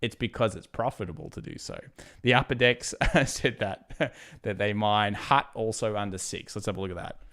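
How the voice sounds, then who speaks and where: A man's voice: on the low side, moderate pace, a bit bright. Chatty man reading market charts. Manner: casual, chatty, drifts into fired-up rants. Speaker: trading livestream host. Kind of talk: live market chart commentary.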